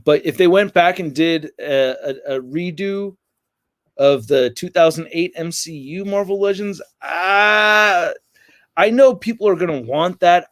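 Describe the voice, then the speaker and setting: This is an American man hosting a casual livestream, talking loosely and rambling through viewer comments. His voice sits a bit higher than most men's. The sound is dry and close, with no room echo. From United States. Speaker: livestream host.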